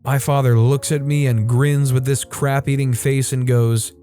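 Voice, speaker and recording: A man's voice: mid-range voice, level tone, a little slow, mellow, faint music behind. A man narrating online stories in a scripted read with casual, wry asides. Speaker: story narrator.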